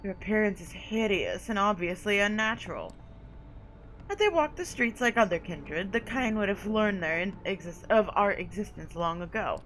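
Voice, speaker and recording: A woman reads aloud as a haughty female vampire sire from a story game, looking down on her charge and drawling out her endearments. The voice sits at an ordinary middle pitch and is cool and patronizing. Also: animated, normal speed, fairly bright tone, a little hiss or hum, natural voice, rough recording. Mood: condescending. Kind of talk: reading game dialogue aloud.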